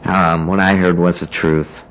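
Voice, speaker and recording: Low-voiced man telling his story. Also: flat delivery, measured pace, fairly bright tone, muffled recording, a little hiss or hum. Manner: rambling, full of "you know" and "like", acts out what others said. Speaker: speaker sharing his recovery story at a meeting. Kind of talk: casual personal storytelling.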